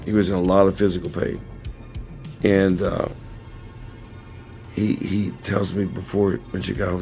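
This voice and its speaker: A livestream host with a low, level, slightly mellow voice and vocal fry speaks at normal speed, pausing often. He tells a rambling, self-correcting story with frequent chuckles, then addresses his viewers earnestly and directly. His camera mic picks up faint music behind him.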